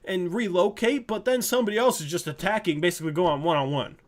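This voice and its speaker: A man's voice: a little high, expressive, quick pace. A man co-hosting a casual sports podcast, exasperated and emphatic. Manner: exasperated, emphatic, says "bro". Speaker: podcast co-host.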